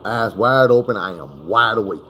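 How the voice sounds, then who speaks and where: At home indoors, a man tells a personal story casually and profanely, vividly acting out crashes and sounds. His voice is lowish, expressive, pushed and bright, at a moderate pace, with slight background noise.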